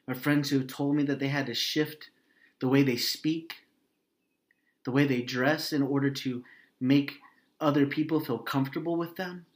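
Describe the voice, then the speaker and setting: A man preaching as a pastor, earnest and emotional, pausing often and dropping his voice soft and low. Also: fairly even intonation. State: grieving, voice heavy with hurt. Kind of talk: sermon and prayer.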